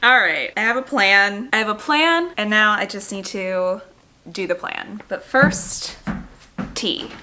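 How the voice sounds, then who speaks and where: A woman's voice: mid-range voice, lively intonation, slow pace, loud music behind the voice. A young woman vlogging at home, chatting casually to the camera with lots of "like" and asides to her dog. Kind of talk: casual vlog chat to camera. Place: at home indoors.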